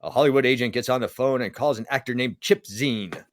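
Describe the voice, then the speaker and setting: A man's voice: medium pitch, a little fast, no room sound, studio quality. A man co-hosting a casual podcast, telling a story and acting out the voices of the people he quotes. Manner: animated, acts out quoted voices. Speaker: podcast co-host.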